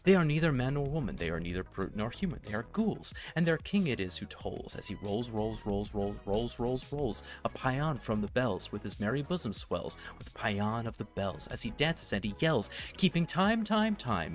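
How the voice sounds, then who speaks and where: A man hosting a live-streamed tech tutorial, reading verse with big swells and soft drops, then chatting casually while he works. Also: mid-range voice, big pitch swings, moderate pace, hardly any pauses, faint music behind. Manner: reads verse expressively, swelling loud then sinking soft; casual, thinks aloud with fillers while working. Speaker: livestream host teaching tech setup.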